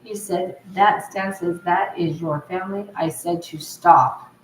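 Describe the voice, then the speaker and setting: A woman's voice: fairly low pitch, steady tone, measured pace. A woman in an agitated, rambling monologue, repeatedly relaying what others told her. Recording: roomy echo, faint background noise.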